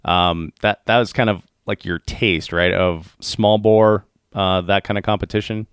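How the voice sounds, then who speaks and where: A man hosting a podcast interview, congested after losing his voice, talking in a friendly, halting way with many fillers. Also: lowish voice, steady tone, clean tone, no room sound, studio quality. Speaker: podcast host. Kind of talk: casual interview talk.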